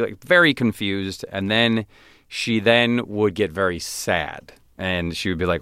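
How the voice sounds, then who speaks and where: A man, an actor guest on an interview show, telling animated, self-deprecating stories and acting out other people's lines. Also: fairly low pitch, normal speed, clear, resonant tone, no echo. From United States. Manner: animated, self-deprecating, acts out quoted voices. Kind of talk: casual interview storytelling.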